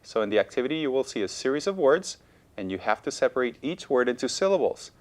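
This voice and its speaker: A man's voice: mid-range voice, very animated, fast talker. A man teaching a bilingual televised Spanish lesson, encouraging and checking in with students with frequent okays.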